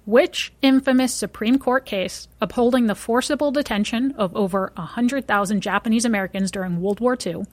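A woman's voice: fairly high pitch, fairly quick, few pauses, dry recording. Woman, podcast co-host, playful quizmaster, teasing asides, dry close sound. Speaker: podcast co-host running a trivia quiz. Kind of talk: casual podcast chat.

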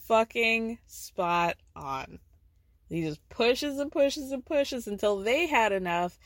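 A woman's voice: a little high, expressive, slow pace, dry recording, studio quality. A woman hosting a podcast, recapping a TV show in casual chat, blunt, swearing freely and chuckling often. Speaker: podcast host.

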